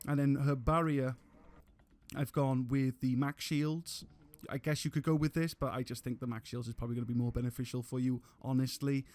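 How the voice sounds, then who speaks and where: A man's voice: mid-range voice, steady tone, fairly quick, darkish tone. A man giving casual gameplay commentary on a live stream, rambling with restarts and casual swearing.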